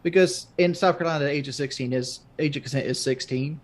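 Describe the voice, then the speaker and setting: A man's voice: on the high side, quick pace. A man in his thirties speaks in a somewhat raised register as a guest on a heated online interview. He is defensive and rambles, tripping over restarts while protesting his case. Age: 30s.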